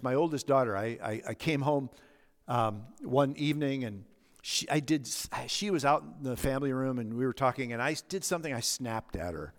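Male pastor, middle-aged, earnest sermon, emphatic then soft, long hall reverb. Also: medium pitch. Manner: earnest, anecdotal, swings between emphatic and soft.

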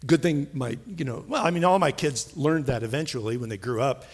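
A middle-aged man preaching a sermon in a church, emphatic and repetitive, swinging between soft asides and loud, stressed phrases. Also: medium pitch, expressive, a little fast, husky. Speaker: pastor. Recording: long hall reverb.

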